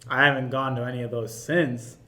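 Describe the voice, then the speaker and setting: Young man, podcast co-host, animated storyteller, casual chat. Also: medium pitch, echoey room. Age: young adult. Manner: animated storyteller, asks quick questions.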